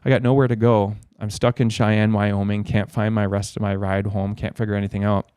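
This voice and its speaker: A man's voice: on the low side, level tone, brisk, a little mellow, smooth, no echo, clean studio sound. A man as a podcast guest, telling a long story in a rambling way, swearing a lot. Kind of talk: casual storytelling.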